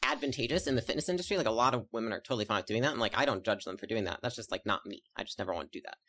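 A young woman, an entrepreneur guest, chatting casually and telling her story in quick, rambling sentences full of fillers. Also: rumbling low, expressive, a bit bright. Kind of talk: casual interview chat.

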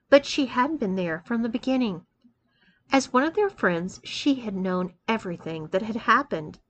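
A woman narrating a first-person story in a measured, expressive reading. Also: medium pitch.

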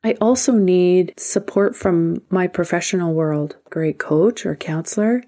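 A woman's voice: fairly low pitch, unhurried, dark tone. A woman hosting a self-help podcast, speaking earnestly and emphatically, sometimes dropping to a whisper for emphasis. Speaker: podcast host. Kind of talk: motivational self-help talk.

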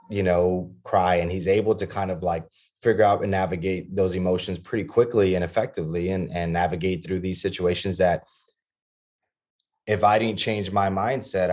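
A man's voice: deep voice, darkish tone. A man in his thirties talking as a guest on a podcast about being a father, earnest and reflective, with many restarts and fillers.

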